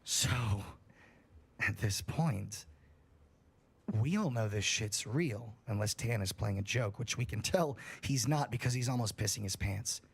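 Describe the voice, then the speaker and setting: A man's voice: fairly low pitch, a little slow, vocal fry, slightly rough. A man telling a creepy campfire story on a livestream, casual and full of swearing. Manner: profane, animated storyteller.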